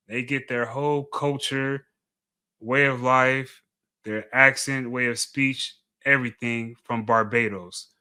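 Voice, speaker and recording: Man, commentator, blunt, dismissive, bright forceful tone, repetitive. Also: medium pitch, smooth. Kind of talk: opinionated commentary video.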